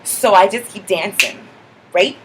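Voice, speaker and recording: Playing a confident, sassy young clubgoer in a comedic monologue, a woman talks a little slowly in a natural, mid-range voice. Her mock-outraged chatter is stuffed with "like" throughout. It's a character comedy vlog with background noise.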